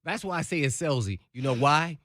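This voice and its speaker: A man's voice: on the high side, expressive, fast talker, a bit bright, no room sound, studio quality. Rambling male sports radio co-host. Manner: rambling, filler-heavy, earnest. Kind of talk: casual sports talk.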